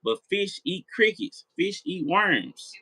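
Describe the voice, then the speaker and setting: A man's voice: high-pitched, big pitch swings, takes it slowly, pushed and bright, breathy edge, no echo, poor audio. A man hosting a late-night live chat, rambling, repeating himself and swearing as he talks straight to his viewers. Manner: rambling, repetitive, profane. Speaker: live stream host.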